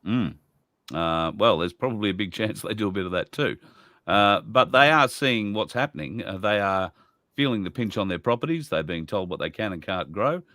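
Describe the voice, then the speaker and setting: A man's voice: on the low side, animated, normal speed, pushed and bright, no room sound, studio quality. An Australian man chatting on an online talk show, explaining at length with rambling asides. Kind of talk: casual chat.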